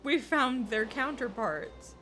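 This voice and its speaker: A woman streamer giving chatty, excitable commentary while playing a video game. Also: a little high, slow pace, faint music behind. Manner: chatty, excitable, swears casually. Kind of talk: casual let's-play commentary.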